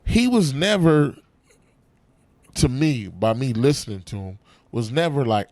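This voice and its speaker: A man, an actor and comedian, telling profane, animated stories in a casual interview backstage at a comedy club. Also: mid-range voice, unhurried, no echo. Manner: profane, animated storytelling with acted-out quotes.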